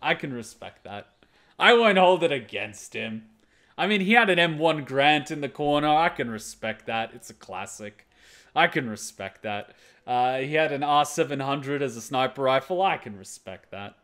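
A man's voice: medium pitch, expressive, moderate pace, fairly bright tone. A man hosting a reaction video, talking casually and earnestly about an episode in short repeated phrases.

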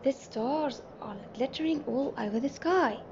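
A woman's voice: high-pitched, measured pace, darkish tone. A woman voicing Timmy, a curious little boy who eagerly points things out. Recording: muffled, faint hiss.

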